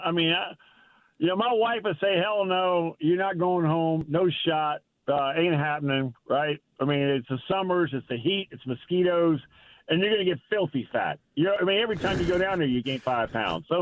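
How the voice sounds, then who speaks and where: A man's voice: a little high, dry recording. A man, a college football reporter calling into a sports radio show, talking in an emphatic, folksy way and often repeating words as he goes. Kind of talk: casual sports radio chat. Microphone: phone line. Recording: phone-line call-in audio.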